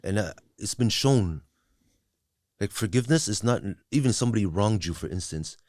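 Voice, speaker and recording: With lively intonation and a lowish, slightly mellow voice, a man speaks at normal speed in clean studio sound with no room sound. He's a podcast guest sharing his recovery story frankly and reflectively, full of restarts and "you know what I mean."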